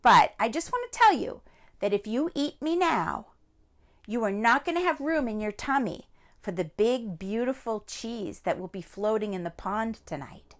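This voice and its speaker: Woman doing a sweet, high, crafty sheep for a picture-book read-aloud. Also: expressive, moderate pace. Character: clever calm female sheep.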